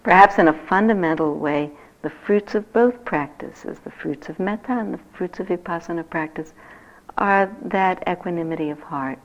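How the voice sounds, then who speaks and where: An older woman with a fairly low voice teaches meditation in a gentle, reflective way and brightens into lively storytelling. The talk comes through a dull, lo-fi recording. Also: normal speed. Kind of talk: dharma talk.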